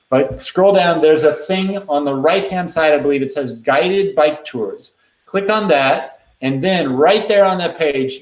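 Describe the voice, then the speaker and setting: A man hosting a live question-and-answer stream, talking in a relaxed, rambling way with lots of ums. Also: fairly high pitch, echoey room, low-quality recording. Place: indoors at a computer.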